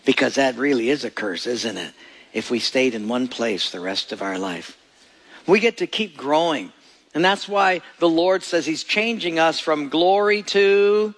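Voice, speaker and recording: Gravelly-voiced folksy preacher man. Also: a little high, lively intonation, unhurried, fairly bright tone. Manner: folksy, joking storytelling. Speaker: pastor. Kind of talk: sermon. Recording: echoey church hall.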